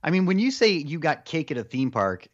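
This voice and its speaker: A man co-hosting a podcast in casual chat, chiming in with quick, playful jokes. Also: fairly high pitch, sing-song, no room sound, muffled recording. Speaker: podcast co-host.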